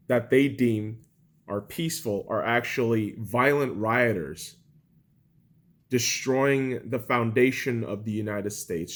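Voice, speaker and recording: A young man hosting a podcast, delivering an angry, profane political rant that swings between shouting and low muttering. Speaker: podcast host.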